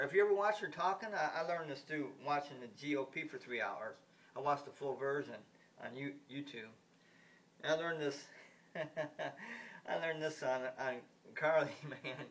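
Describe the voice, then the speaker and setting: A man's voice: fairly high pitch, fairly bright tone. A man in a rambling political rant, blunt and indignant, repeating himself and restarting his sentences. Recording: voice distant from the mic.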